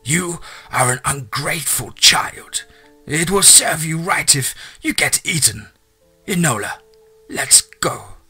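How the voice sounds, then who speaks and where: A man playing a raspy, cranky old woman. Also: fairly high pitch, animated, pushed and bright, soft background music, pitched above the performer's own voice, full character voice. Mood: scolding. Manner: scolding, slow and gruff.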